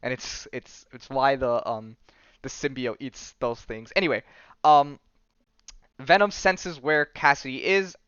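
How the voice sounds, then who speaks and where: A man's voice: medium pitch, a bit bright, clear, resonant tone, dry recording, lo-fi sound. A man hosting a podcast, casually retelling a comic story with lots of fillers and frequent laughs. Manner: rambling, many fillers, laughs often. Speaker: podcast host. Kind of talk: casual comic-book recap.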